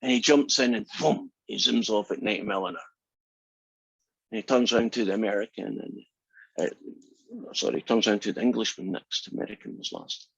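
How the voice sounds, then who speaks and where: A male instructor lecturing to a class in a chatty, joking way. His voice is a little husky, and the recording sounds dry and dull, like lo-fi classroom audio. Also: lowish voice, a little fast, fairly bright tone, dry recording. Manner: chatty, tells jokes with asides. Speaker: math instructor.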